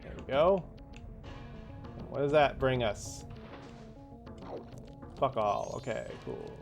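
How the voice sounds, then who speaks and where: A man's voice: medium pitch, takes it slowly, vocal fry, faint music behind. A man casually commenting while playing a video game, muttering directions to himself with sudden surprised exclamations. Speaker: gaming streamer. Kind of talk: casual let's-play commentary.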